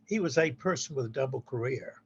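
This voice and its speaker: A man's voice: medium pitch, expressive, brisk, lo-fi sound, a little hiss or hum. A man presenting poems at a poetry society meeting indoors, earnest, often repeating phrases as he starts them. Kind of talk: casual event presentation.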